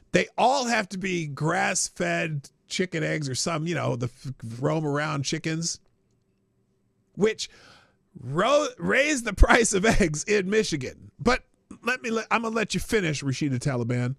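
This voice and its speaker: A man hosting a casual political commentary show, talking in sarcastic, animated rants full of laughs and restarts. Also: a little high, creaky, no room sound, studio quality. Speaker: show host.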